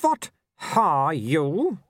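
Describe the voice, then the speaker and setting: A man's voice: high voice, sing-song, a bit bright, no room sound, clean studio sound, pitched above the performer's own voice, heavily acted. A man voicing an icy, haughty she-wolf. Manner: cold, slow, disdainful. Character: haughty adult female wolf, icy and menacing.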